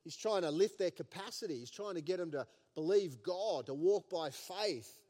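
A man with a notably high voice preaches a sermon in a big hall, and his words hang in a long, lingering reverb. He tells the story in an animated way and slips in playful asides along the way. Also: normal speed.

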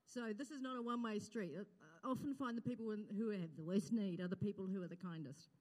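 A woman's voice: medium pitch, steady tone, fast talker, a little mellow. A woman leading church outreach, talking to a congregation in a chatty, grateful way with fillers and laughs. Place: church auditorium. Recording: long reverb in a large hall.

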